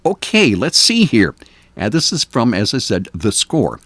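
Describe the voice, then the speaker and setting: Older male AM radio host, opinionated and chatty with lots of fillers, animated delivery, close dry studio mic. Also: mid-range voice, measured pace, no echo. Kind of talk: casual talk radio commentary.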